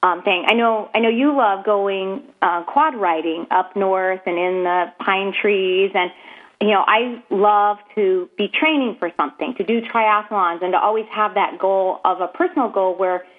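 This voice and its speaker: A woman co-hosting a casual chat, playful and quick with jokes. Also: mid-range voice. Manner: playful, laughs often, quick asides. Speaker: podcast co-host. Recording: tinny phone-line sound.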